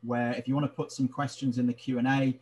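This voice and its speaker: A man's voice: medium pitch, flat delivery, quick pace, darkish tone. Polite British man hosting with many fillers. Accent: British English. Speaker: interviewer, library sound archive curator. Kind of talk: hosting an online book talk.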